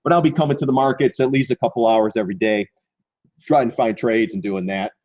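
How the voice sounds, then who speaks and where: A man hosting a live stream on stock trading, talking loosely and mocking himself, often clearing his throat. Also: medium pitch, brisk, darkish tone, muffled recording. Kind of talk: casual live-stream market commentary.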